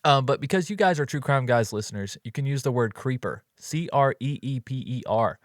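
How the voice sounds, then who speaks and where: A man's voice: mid-range voice, animated, a little fast, dry recording, clean studio sound. A man co-hosting a podcast, chatting in a laid-back way and reading an ad. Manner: laid-back, chatty, says "you know" a lot. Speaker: podcast co-host. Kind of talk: casual chat with ad read.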